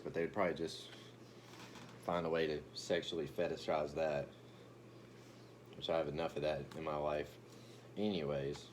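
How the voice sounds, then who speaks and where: A man's voice: extremely low pitch, background noise. A young man ranting in a brash, profane, boastful comedic commentary, stumbling over restarts as he talks.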